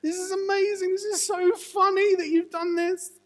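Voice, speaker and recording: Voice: very high-pitched, flat delivery, moderate pace, big-room sound, pitched above the performer's own voice. A preacher putting on the voice of an overexcited king who gushes with glee, repeating himself, in a British sermon. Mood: gleeful. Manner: giddy, gushing, repeating himself. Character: overexcited gleeful male king.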